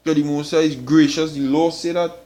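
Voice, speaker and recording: A man's voice: fairly high pitch, fairly even intonation, a little fast, mellow. A man with a Trinidadian accent preaching an informal sermon, emphatic and blunt, tagging his lines with "boy" and swearing for emphasis.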